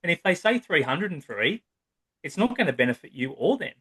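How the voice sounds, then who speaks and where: A man's voice: on the high side, big pitch swings, brisk, fairly bright tone, husky. An Australian man talking as a psychotherapist guest on a podcast, speaking in a long-winded, casual way and often checking in with "right?". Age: 30s to 50s. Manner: long-winded, acts out quoted voices, frequent "right?".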